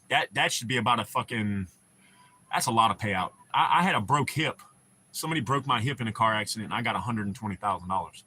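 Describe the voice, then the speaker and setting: A man's voice: lowish voice, pushed and bright, a little hiss or hum. A young American man hosting a casual livestream, telling rambling, profane stories to his chat. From United States. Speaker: livestream host.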